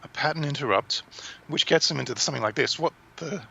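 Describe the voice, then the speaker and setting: A man co-hosting a casual conversation, explaining ideas thoughtfully with pauses. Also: on the high side, gravelly, bright, forceful tone, slightly rough. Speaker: podcast co-host. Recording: dull lo-fi sound with faint noise.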